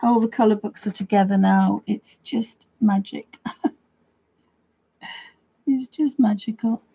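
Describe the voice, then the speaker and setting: A woman's voice: mid-range voice, fairly even intonation, slow, gravelly, warm tone, breathy edge, lo-fi sound. A woman chatting casually as she walks through a coloring tutorial at home, rambling a little as she works. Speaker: craft video host.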